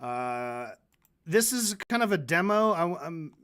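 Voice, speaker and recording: A man's voice: fairly high pitch, sing-song, takes it slowly, very noisy. A man hosting a livestream, reacting to clips with sarcastic, casual commentary. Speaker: livestream host.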